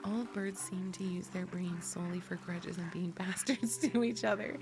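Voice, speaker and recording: Giggly American woman streamer, gravelly. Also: fairly low pitch, normal speed, hardly any pauses. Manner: giggly, chatty, gets loudly excited. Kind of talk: casual chat with viewers.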